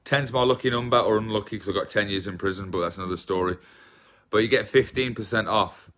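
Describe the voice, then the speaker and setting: A man's voice: lowish voice, fast talker, fairly bright tone. English guy rambling on his livestream, cheeky and self-mocking, greets chat by name. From England. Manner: chatty, self-deprecating, greets viewers by name. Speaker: livestream host.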